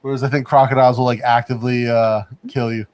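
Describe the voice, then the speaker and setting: A man's voice: medium pitch, little pitch movement, fast talker, darkish tone. A man hosting a casual livestream chat from a studio in Bangkok. He rambles, laughs often and hedges his points. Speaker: livestream host.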